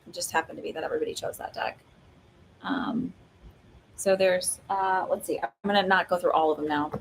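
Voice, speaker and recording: A woman's voice: lowish voice, steady tone, brisk, a little hiss or hum, poor audio. A woman hosting a live stream of oracle card readings, talking in a chatty, rambling way with lots of fillers and laughs. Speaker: psychic medium host.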